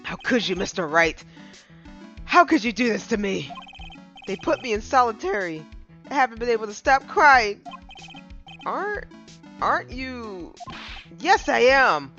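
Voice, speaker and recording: A man doing a high, weepy young ex-policewoman. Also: big pitch swings, unhurried, pauses often, bright, forceful tone, heavily acted. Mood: upset. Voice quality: high, tearful and shaky. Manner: melodramatic, self-pitying. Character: nervous young woman, weepy former policewoman. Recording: dull lo-fi stream mic. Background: game music.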